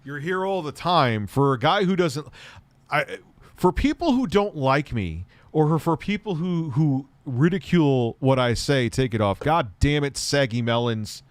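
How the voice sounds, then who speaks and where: A man's voice: a little high, expressive, a little slow, no room sound. Middle-aged man, live-stream host, crude rambling jokes, dry close sound. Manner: rambling, crude joking, talks to chat. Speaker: tech streamer.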